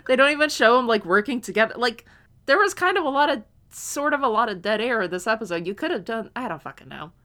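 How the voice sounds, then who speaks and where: A young woman chatting casually as a podcast co-host about a TV episode. She sounds animated, swears freely and laughs a lot. Her tone is bright and forceful. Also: a little high, fast. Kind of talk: casual chat reviewing a TV episode.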